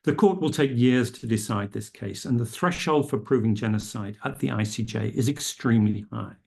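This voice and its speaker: A middle-aged man giving a formal lecture, measured and careful, quoting legal texts precisely. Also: medium pitch, creaky, darkish tone, husky. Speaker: speaker at a public health lecture. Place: lecture room.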